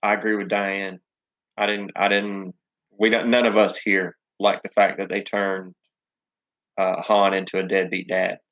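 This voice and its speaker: Southern man, rambling profane stream host, lowish voice, dull lo-fi sound. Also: level tone, unhurried, a bit bright. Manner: rambling, profane, many ums and restarts. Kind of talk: casual live chat reading comments.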